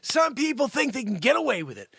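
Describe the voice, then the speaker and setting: A man hosting an improvised comedy news bit, loudly ranting with sudden shouts and then dropping to low mumbled asides. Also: big pitch swings, a little fast, gravelly, slightly rough, dry recording, studio quality. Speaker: comedy show host.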